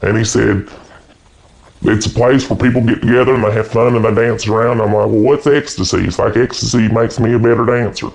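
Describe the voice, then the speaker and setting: A man's voice: medium pitch, steady tone, a little fast, darkish tone, close to an everyday voice, poor audio. An actor playing an awkward, earnest adult man who stammers through a mock interview as someone's twin brother. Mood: rambling. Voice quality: creaky. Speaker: interview guest.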